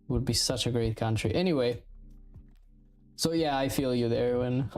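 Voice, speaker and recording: A man in his thirties from Italy with an Italian accent, chatting casually and profanely while streaming game development, rambling and animated. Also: mid-range voice, moderate pace, faint music behind. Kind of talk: casual livestream chat.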